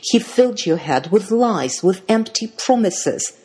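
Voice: medium pitch, expressive, unhurried, a little mellow, slightly rough, pitched above the performer's own voice. A reader voicing fierce, protective elder twin sisters in a storybook reading, scolding their younger sister in a raised, urgent voice.

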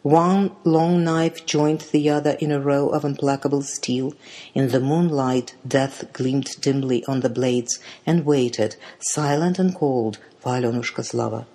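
A husky, breathy storyteller reads a fairy tale aloud at a middling pitch. The delivery is measured and dramatic, in the steady manner of storybook narration.

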